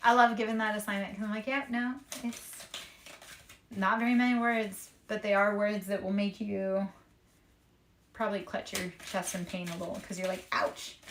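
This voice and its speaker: Woman, tarot reader, live-stream reading, affirming and repetitive, mid-pitched voice, roomy echo. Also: level tone, moderate pace, a little hiss or hum. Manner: affirming, repetitive spiritual encouragement. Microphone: streaming microphone.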